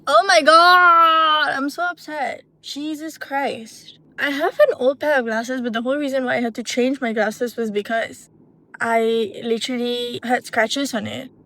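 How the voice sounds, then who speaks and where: A young woman with a Malaysian English accent, talking to camera in a chatty, expressive vlog. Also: on the high side, moderate pace. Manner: chatty and expressive, swings between mumbled and excited. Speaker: vlogger. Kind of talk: casual vlog talk to camera.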